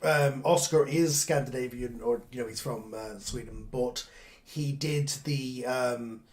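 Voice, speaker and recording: A man's voice: medium pitch, unhurried, darkish tone. A man with an English accent hosting a casual podcast conversation, thinking aloud with fillers and restarts. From England. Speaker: podcast host. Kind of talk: casual chat.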